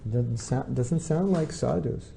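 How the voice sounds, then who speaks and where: A man gives an informal spiritual lecture in a very mellow, dark voice with a gravelly edge. He talks conversationally and slips into the voices of the people he quotes. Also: mid-range voice, unhurried, slight background noise. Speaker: spiritual teacher.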